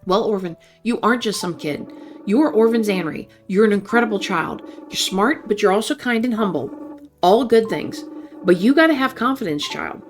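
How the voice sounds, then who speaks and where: A doting, folksy grandma on a late-night phone call, as a woman reads her lines, tender and coaxing, with pet names for her grandson. Her voice sits at an ordinary middle pitch for a woman. Soft music plays faintly underneath. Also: lively intonation, normal speed, natural voice. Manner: tender, coaxing, calls him baby and child. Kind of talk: reading interactive fiction aloud.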